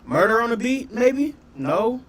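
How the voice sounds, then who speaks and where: A man doing casual reaction commentary on his channel, talking in an animated, profane way and often questioning his audience. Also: very high-pitched, measured pace. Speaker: reaction streamer.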